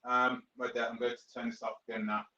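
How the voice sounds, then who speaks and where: A man's voice: medium pitch, flat delivery, fast, pushed and bright. Guy hosting a live stream, casual and apologetic, muffled roomy sound. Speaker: host.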